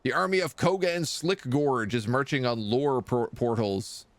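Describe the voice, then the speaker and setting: A man's voice: mid-range voice, measured pace, no echo. A man streaming a video game, chatting casually and reading the game's text aloud.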